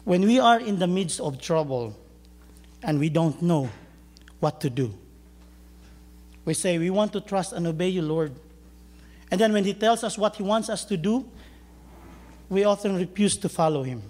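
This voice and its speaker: A man's voice: sits high, lively intonation, normal speed, pauses often, a little mellow. A man preaching a sermon, telling a story and joking with his congregation. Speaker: pastor.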